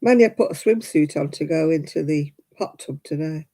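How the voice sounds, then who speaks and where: On her homely livestream, a middle-aged woman crochets while chatting with and answering viewers, often laughing and counting stitches out loud. She speaks at normal speed in a low-pitched, creaky, warm voice, and the recording quality is low.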